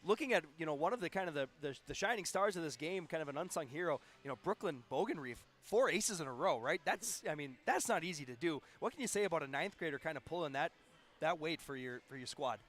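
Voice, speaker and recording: A man's voice: fairly high pitch, lively intonation, fast, fairly bright tone. A man who is a local sports broadcaster, asking rambling post-game interview questions with restarts.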